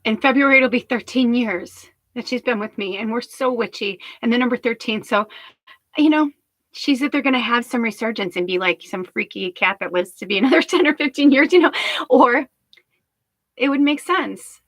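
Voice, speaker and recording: A woman's voice: on the high side, lively intonation, normal speed, no echo, low-quality recording. A woman talking candidly on a livestream, rambling and emotional, swearing freely. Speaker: spiritual medium streamer.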